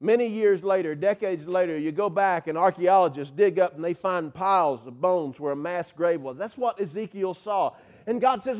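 A male pastor delivering a sermon, swinging from loud, drawn-out emphasis to soft, hushed passages. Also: sits high. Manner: drawn-out, slowed words for emphasis.

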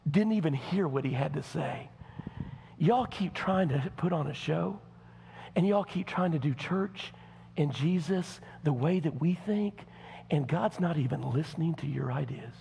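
A man pastor with a Southern accent preaching a folksy sermon, speaking straight to the congregation and swinging from hushed tones to shouting. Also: on the high side, animated, unhurried, creaky, husky. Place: church. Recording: long church hall reverb.

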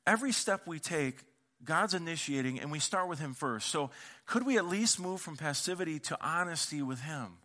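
A man's voice: on the high side, animated, moderate pace, pushed and bright. A man preaching a sermon as pastor, telling stories in a casual, conversational way and acting out the voices he quotes. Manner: conversational, with casual slang and repeated words.

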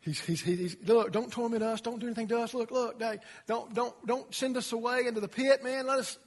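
A man voicing a panicky horde of male demons, begging in a hushed, stammering voice. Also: extremely high pitch, fairly even intonation, fairly quick.

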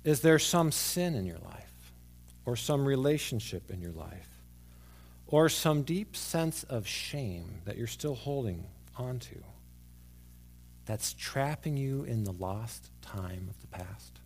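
A man preaching a sermon to a congregation, rising loud and emphatic, then dropping to quiet, hushed tones. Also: medium pitch, lively intonation, slow, creaky. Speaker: pastor. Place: church sanctuary with congregation.

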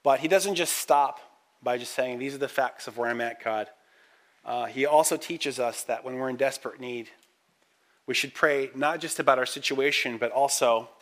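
A man delivering a sermon with earnest, measured delivery and frequent pauses, rising in intensity as he reads scripture aloud. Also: mid-range voice, fairly bright tone. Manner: raises voice when reading the psalm's cries. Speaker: preacher.

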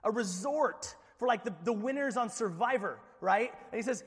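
High-voiced man preaching in a reverberant hall. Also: normal speed, breathy edge. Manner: animated, shifts from loud excitement to hushed earnestness. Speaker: pastor. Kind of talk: sermon. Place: church sanctuary. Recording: long reverb of a church hall.

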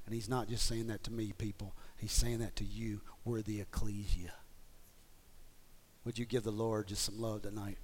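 A pastor gives a sermon in a husky, lowish voice with a level tone and normal speed. He shifts between hushed whispers and loud, fervent exhortation, repeating phrases and stumbling over restarts.

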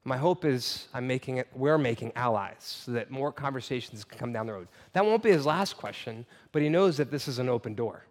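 A man in his thirties preaching, telling a family story in a conversational, animated way with halting restarts. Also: mid-range voice. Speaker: pastor. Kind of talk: sermon storytelling. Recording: long reverb of a large hall.

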